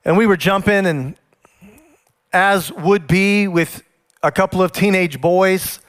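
A man who is a pastor, telling personal stories in a sermon and acting out the scenes with animated energy. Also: high-pitched, slow.

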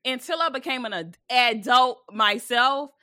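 Animated young woman co-hosting with a bright voice. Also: on the high side, unhurried, no room sound, studio quality. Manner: animated, joking, mimics older relatives. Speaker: podcast co-host. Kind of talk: casual comedic chat.

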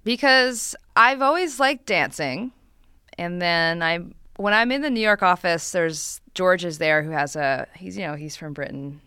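A woman's voice: lowish voice, expressive, a little slow, pushed and bright, clear, resonant tone, no room sound, studio quality. A woman co-hosting a podcast in casual chat, giggly and chatty with lots of fillers. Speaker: podcast co-host.

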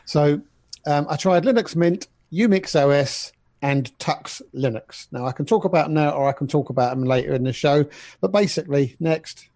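A man's voice: on the high side, normal speed, a little mellow, no room sound. A man co-hosting a casual podcast with dry, dismissive humor. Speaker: podcast co-host.

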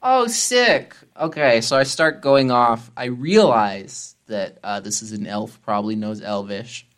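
A man's voice: medium pitch, a little slow, a bit bright. A man playing a tabletop game, talking casually about his character's moves. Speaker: player.

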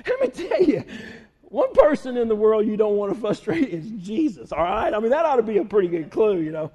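Animated male preacher, very high voice, lively melody, reverberant room. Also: normal speed, husky, muffled recording. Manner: animated, laughs often, acts out scenes. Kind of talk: lively sermon.

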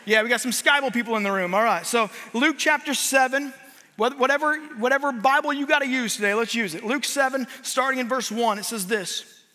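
A man preaching a lively sermon to a live audience, getting the crowd to repeat lines back to him. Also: very high voice, brisk. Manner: energetic, audience call-and-response. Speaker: guest preacher. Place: large hall with audience. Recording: long hall reverb.

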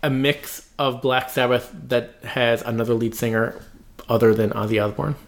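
A man's voice: mid-range voice, steady tone, moderate pace. A man co-hosting a podcast in casual chat, explaining music with eager enthusiasm. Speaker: podcast co-host.

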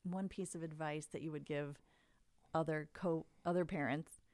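A woman hosting a podcast, talking in a warm, expressive way with emotional emphasis. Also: sits low, moderate pace, dry recording. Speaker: podcast host. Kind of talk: casual conversation.

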